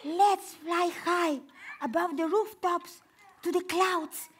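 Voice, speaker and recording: A tiny, wide-eyed little girl in a children's puppet show, her voice squeaking up very high. She talks slowly and stretches her words, full of gasps and exclamations. She sounds earnest and childlike throughout. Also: expressive, a bit bright, exaggerated voice. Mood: thrilled. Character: excitable little girl Poppy hunting her lost ball. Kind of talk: live children's puppet theatre.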